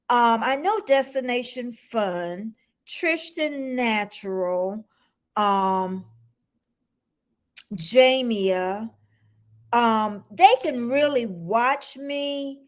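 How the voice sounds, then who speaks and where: A woman in her sixties hosting a casual livestream, greeting viewers by name and chatting warmly with frequent ums. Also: fairly high pitch. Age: 60s. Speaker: livestream host.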